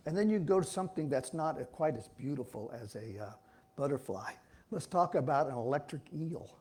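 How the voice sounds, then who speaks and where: A man's voice: on the high side, expressive, a little fast, a little mellow, husky. A man giving an informal, folksy sermon at a church, talking in a rambling way with frequent restarts. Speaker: speaker giving a talk at a church.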